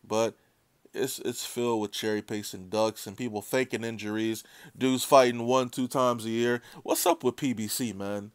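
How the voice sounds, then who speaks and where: Man, boxing ranter, mid pitch, blunt and profane, dry close sound. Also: fairly even intonation, moderate pace, clean tone, dry recording. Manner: blunt, profane, heated and sarcastic. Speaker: boxing commentator. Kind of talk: opinionated rant.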